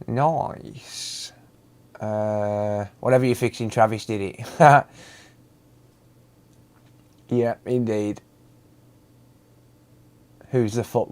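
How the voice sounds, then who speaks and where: A man's voice: medium pitch, warm tone. A man hosting a casual live stream, greeting viewers by name and chatting loosely.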